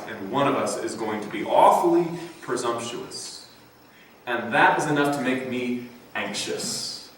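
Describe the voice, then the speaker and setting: In a church sanctuary, a man with a mid-range, slightly bright voice preaches a sermon, dramatically acting out quoted thoughts and the words of people in his story. The sound is echoey, picked up from a distance in the church hall.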